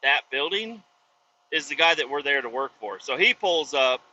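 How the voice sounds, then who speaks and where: Guy ranting in his truck, really bright sharp voice, kinda dull lo-fi sound w/ faint road noise. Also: fairly high pitch, moderate pace. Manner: profane, animated, acts out voices in retelling. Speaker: vlogger and truck driver. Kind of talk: casual storytelling. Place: inside a pickup truck with windows down.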